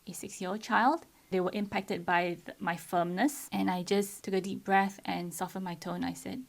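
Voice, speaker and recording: A woman's voice: mid-range voice, fairly even intonation, normal speed, gravelly. A woman in her thirties telling a personal parenting story to camera in an earnest, firm way, acting out what her child said. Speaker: parenting vlogger.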